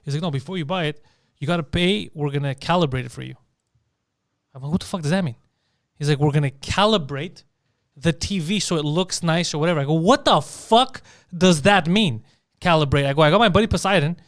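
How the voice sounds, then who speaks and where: A man tells a story on a casual comedy podcast, playing out his own angry outbursts and swearing freely. His voice sits high for a man, and he talks fast. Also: dry recording, studio quality. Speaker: podcast co-host.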